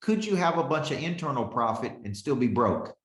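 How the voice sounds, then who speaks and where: Man in his forties, business coach, live webinar teaching, energetic, roomy echo, mid-pitched voice. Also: fairly quick. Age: 40s. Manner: energetic, calls on listeners by name, keeps asking "okay?".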